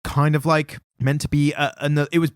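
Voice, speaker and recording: A man co-hosting a podcast, chatting casually about a comic with quick asides and self-interruptions. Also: on the high side, little pitch movement, dry recording, clean studio sound. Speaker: podcast co-host.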